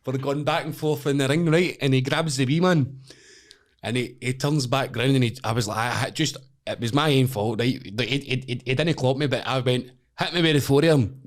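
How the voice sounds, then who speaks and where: A man's voice: medium pitch, brisk. A Scottish man, a wrestler guest on a podcast, telling stories in casual chat, swearing a lot and laughing through them.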